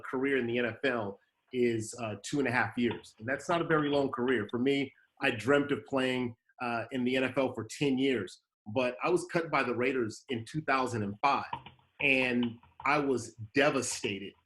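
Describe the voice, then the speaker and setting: A man's voice: mid-range voice, normal speed, poor audio. A man hosting a talk in his thirties, telling a personal story about failure and acting out the voices in it. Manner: animated storyteller, acts out quotes, laughs often. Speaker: host.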